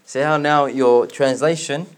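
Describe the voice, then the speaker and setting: A man teaching a religious class, explaining word by word and asking his students questions, with quick recited verses. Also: medium pitch, fairly even intonation, slight background noise. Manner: recites verses in rapid chant.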